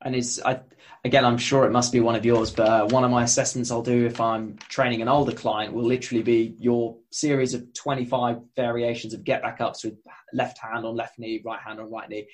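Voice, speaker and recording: A man's voice: medium pitch, level tone, brisk. A man hosting a podcast interview in a friendly, conversational way. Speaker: podcast host.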